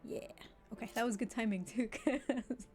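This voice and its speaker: A woman's voice: on the high side, moderate pace, darkish tone, faint music behind. A woman game streamer giving blunt, sweary, chatty commentary while she plays. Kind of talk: casual gameplay commentary.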